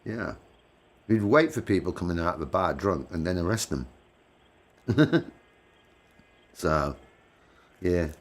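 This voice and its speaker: Originally from England and now based in the United States, this livestream host chats casually with his viewers, laughing a lot and cursing freely. He speaks slowly in a low, sing-song voice with long pauses.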